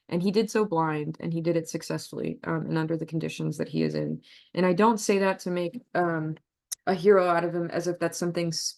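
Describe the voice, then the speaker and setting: A woman presenting a trip report in a webinar over a video call, speaking earnestly and haltingly, with many fillers and restarts. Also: fairly low pitch. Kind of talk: webinar talk over photos.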